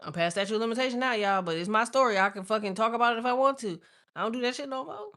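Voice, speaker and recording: Profane, animated woman telling stories. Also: a little high, very fast. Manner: loud, profane, animated storytelling with frequent laughs. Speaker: tarot reader. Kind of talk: casual livestream chat.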